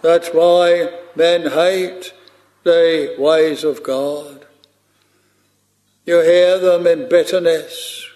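Slow, deliberate man preaching. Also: fairly high pitch, fairly even intonation, a little mellow. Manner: slow, measured preaching with archaic scripture phrasing. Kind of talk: sermon.

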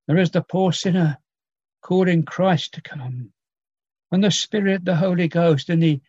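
A man preaching in a high voice, slow and earnest, pausing over old scripture as he calls to his hearers. The sound is dull and lo-fi, dry with no room around it. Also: a little mellow, slightly rough, no echo. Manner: slow, earnest, quoting archaic scripture with pauses. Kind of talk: sermon.

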